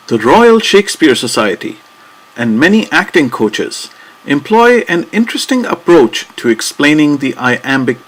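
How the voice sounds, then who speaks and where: Guy reading a lesson script, slow and deliberate, leans on the beats, mid pitch. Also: a bit bright. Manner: measured, deliberate reading with rhythmic emphasis. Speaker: narrator. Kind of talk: scripted educational narration.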